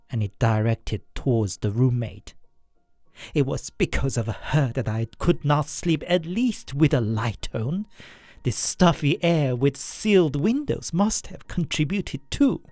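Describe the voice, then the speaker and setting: A narrator telling a first-person horror story in a scripted, expressive way. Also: mid-range voice, no echo.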